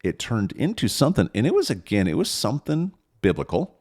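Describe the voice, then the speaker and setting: A man's voice: mid-range voice, wildly swooping pitch, fairly quick, a little mellow. A middle-aged man co-hosting a parenting podcast, thinking aloud with many restarts. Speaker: podcast co-host. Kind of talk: casual parenting chat.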